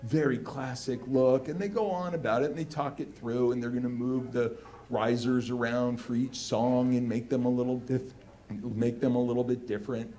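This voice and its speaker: A man from Los Angeles telling a comedic story live on stage, animated and excitable, peppering his talk with "like". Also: medium pitch, moderate pace. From Los Angeles, United States. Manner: animated, excitable, heavy use of "like".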